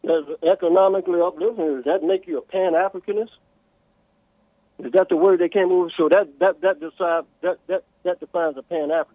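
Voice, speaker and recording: A man's voice: high-pitched, steady tone, brisk, no room sound. An older man from Tennessee, calling in to argue, repeating himself and firing questions back. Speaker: caller. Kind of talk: call-in argument. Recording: tinny phone line.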